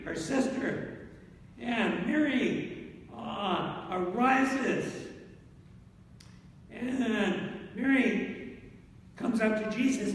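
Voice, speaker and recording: High-voiced man preaching in an echoey hall. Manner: animated preaching, reads scripture slowly in old wording. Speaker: pastor. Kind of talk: sermon. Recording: echoey hall from far off, faint noise.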